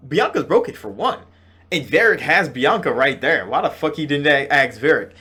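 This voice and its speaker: A young man with a fairly high voice talks through a video game in a loose, profane reaction chat. He jumps from loud, excited bursts to slow, heavy emphasis as he vents about the game. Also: husky. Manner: excitable, profane, swings between loud outbursts and drawn-out slow stresses. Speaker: gaming channel host. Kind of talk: casual game reaction talk.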